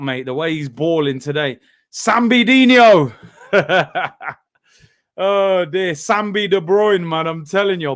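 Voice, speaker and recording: A young man hosting a live football watchalong, reacting loudly to the play and then talking himself back down. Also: fairly high pitch. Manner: excitable, shouts at big moments, then calms himself down. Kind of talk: live match watchalong commentary.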